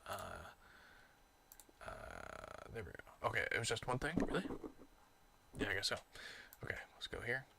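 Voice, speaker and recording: A man's voice: lowish voice, normal speed, vocal fry, pauses often, heavy background noise. A man hosting a livestream, reacting live to a baseball game and muttering to himself as he sorts video clips. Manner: excitable reactions, self-scolding mutters while sorting clips. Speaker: livestream host.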